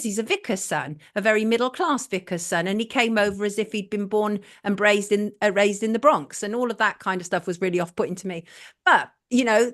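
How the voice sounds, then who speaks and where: An outspoken English woman hosting a live talk show. She chats casually, voices firm opinions and speaks at an ordinary middle pitch. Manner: candid, opinionated, conversational. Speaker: host. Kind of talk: casual chat.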